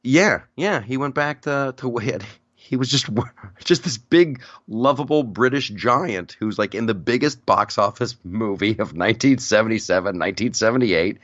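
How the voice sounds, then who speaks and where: A man hosting a podcast in casual chat, telling stories in a rambling, animated way with frequent restarts. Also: mid-range voice, moderate pace, no echo, lo-fi sound. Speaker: podcast host.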